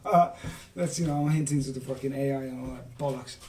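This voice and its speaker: A man's voice: medium pitch, a little fast, darkish tone. A man rambling and swearing through a late-night livestream monologue, chuckling between remarks. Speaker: livestream host and musician.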